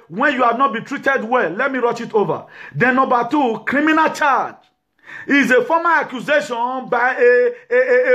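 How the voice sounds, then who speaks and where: A man's voice: extremely high pitch, sharp tone, highs cut off. A man, lecturing and ranting to camera as an activist host, mixing English with Yoruba and pidgin. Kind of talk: impassioned talk to camera.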